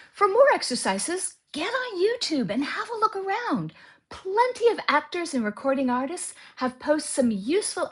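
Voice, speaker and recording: A woman giving a calm spoken lesson on narration technique and demonstrating exercises aloud. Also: high-pitched. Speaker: author teaching audiobook narration.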